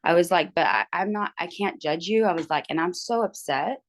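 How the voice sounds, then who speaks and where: A woman's voice: fairly low pitch, fairly quick, a little hiss or hum. Tired young woman telling a story. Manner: candid, storytelling, quotes people in her retelling. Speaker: book club member. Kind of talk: casual video call chat. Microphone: video call.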